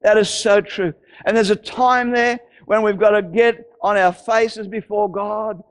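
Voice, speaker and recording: Cast: Australian male pastor, very high voice, fervent, repeats himself, builds to shouted exhortations. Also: steady tone, measured pace. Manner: impassioned, repeats phrases, rises to shouts. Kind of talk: sermon.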